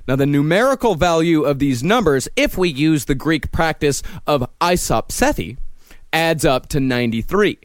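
A man co-hosting a casual podcast, explaining in a deliberate, lecturing manner. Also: fairly high pitch, expressive, no room sound. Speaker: podcast co-host. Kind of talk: casual chat.

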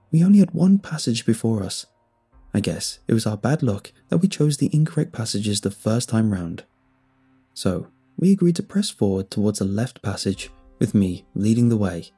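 Husky low-voiced male horror narrator. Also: warm tone. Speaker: storyteller. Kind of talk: first-person horror story narration. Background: faint music.

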